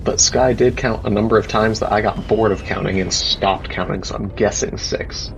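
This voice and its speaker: A man's voice: on the low side, fairly even intonation, moderate pace, gravelly, slight background noise. A man casually commentating a live speedrun race, joking around and explaining tricks.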